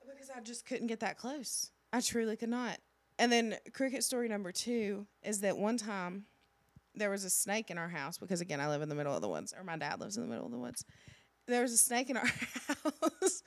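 A young woman co-hosting a podcast, telling stories in casual chat with lots of "like" and excited bursts. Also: mid-range voice, fairly quick, no room sound. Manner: animated storyteller, lots of "like". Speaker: podcast co-host.

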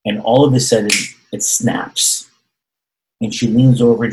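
A man telling a personal story in casual conversation, animated and repeating words as he acts out quoted voices. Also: mid-range voice, a little slow, low-quality recording.

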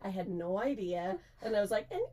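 A woman's voice: mid-range voice, expressive, brisk, warm tone. A young woman co-hosting a podcast, telling a story in casual chat, laughing often and swearing freely.

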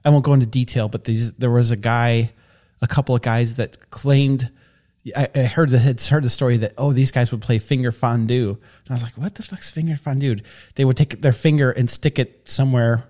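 A man in casual podcast conversation, his voice sitting at an ordinary middle pitch. He rambles, trips over restarts and leans on fillers, talking loosely about life on construction jobs. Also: fairly even intonation, fairly quick, warm tone. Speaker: podcast co-host; construction tradesman. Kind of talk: casual chat.

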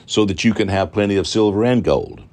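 With a fairly low, a little mellow voice that moves slightly fast, a middle-aged TV pastor preaches fervently on air. He repeats himself, stretches out phrases for emphasis, and asks viewers for donations.

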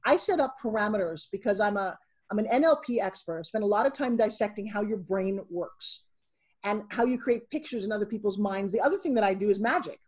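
A middle-aged woman, a guest on a podcast, telling stories in an animated way and acting out what people said. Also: medium pitch, a little fast. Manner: animated storyteller, acting out quotes. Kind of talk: casual interview.

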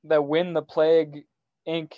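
A man's voice: on the high side, level tone, unhurried, dry recording. A young man co-hosting a podcast, teasing and laughing often in casual chat. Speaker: podcast co-host. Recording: dull, dry podcast mic.

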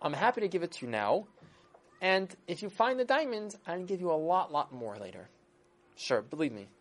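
A grand, eager king who calls out in a high, lifted voice, as a storyteller puts him on. His lines swing widely in pitch. Each proclamation comes out loud and bright. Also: very animated, moderate pace. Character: excited royal king, generous and grand. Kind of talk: storytelling to children.

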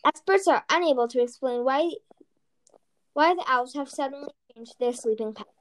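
A woman's voice: high-pitched, moderate pace, lightly acted, low-quality recording. A woman voicing a male TV newscaster in a storybook reading, with formal announcing delivery.

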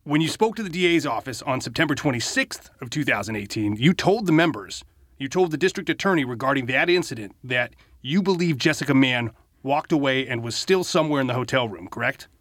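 A man's voice: medium pitch, animated, brisk, fairly bright tone, no room sound, clean studio sound. Pointed male defense lawyer cross-examining. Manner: pointed, leading questions.

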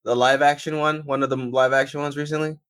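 A man's voice: medium pitch, level tone, fast talker, a bit bright, clear, resonant tone. A man co-hosting a casual chat about films, eagerly explaining lore. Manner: eager, fan-knowledge explainer. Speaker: podcast co-host.

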